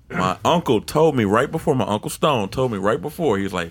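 A young man co-hosting a casual podcast, telling a wild story with plenty of swearing. His pitch swings widely from low to high as he acts out the other people's voices. It's loose, animated storytelling. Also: fairly quick, hardly any pauses, slightly rough. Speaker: podcast co-host. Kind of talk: casual chat.

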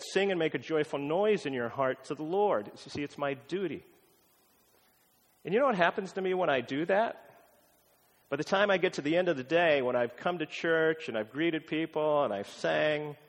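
A middle-aged man preaches a sermon from the pulpit, spinning stories as he goes. His loudness swings widely, from soft asides to ringing emphasis. His voice sits fairly high, and a long reverb hangs in the church hall around him. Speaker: pastor. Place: church sanctuary.

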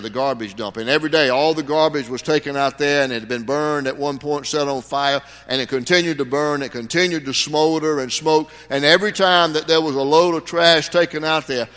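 Pastor guy preaching, folksy then punchy, bright voice, big reverby church. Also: mid-range voice. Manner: folksy preaching with sudden emphatic rises. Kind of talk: sermon. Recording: long hall reverb.

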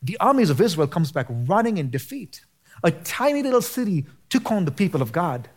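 Male pastor, high-pitched, passionate sermon delivery with casual slang. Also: very animated, brisk. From United States. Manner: impassioned, rising to near shouting at peaks; casual slang mixed into preaching.

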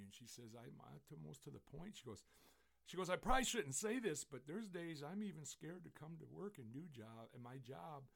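A man's voice: mid-range voice, creaky, a little mellow. A man who is a pastor, telling a story and then preaching a fervent sermon. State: tearful.

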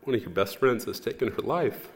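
A man preaching a sermon as pastor, in an earnest, measured way with pauses and fillers. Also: on the low side, animated. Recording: echoey hall reverb.

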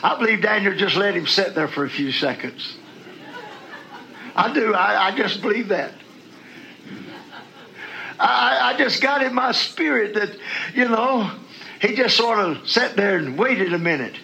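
A preacher with a high, gravelly voice delivers a sermon, dropping low and quiet for scripture, then rising to shouted praise. His tone is bright and cutting, and he talks to the congregation in a plain, folksy way. A faint hiss of room ambience sits behind him. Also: lively intonation, a little slow, pauses often, a faint crowd, low-quality recording.

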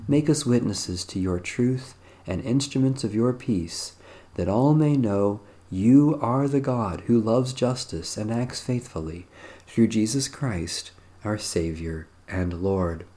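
Man reading night prayers real slow, soft warm voice, solemn and steady. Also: on the low side. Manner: measured, solemn liturgical reading. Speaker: prayer leader. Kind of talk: slow recited evening prayer.

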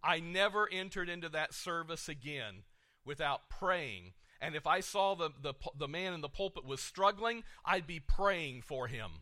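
Middle-aged male preacher, bright and somewhat high, animated sermon delivery. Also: normal speed. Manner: animated preaching, swings from soft to loud, repeats words. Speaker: pastor.

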